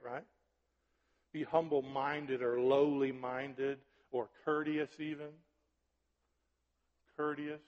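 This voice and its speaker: Guy preaching in church, kinda high voice, chatty, long echo, bit muffled. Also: steady tone, measured pace, long pauses. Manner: conversational preaching, frequent "right?" and "are you with me?". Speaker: pastor. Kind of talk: sermon. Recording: dull recording with long hall reverb.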